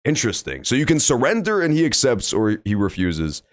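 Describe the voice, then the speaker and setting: A young man streaming a game, reacting loudly and swearing often in casual commentary. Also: mid-range voice, a little fast, dry recording. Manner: animated, reactive, swears often, loud outbursts. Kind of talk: let's play commentary.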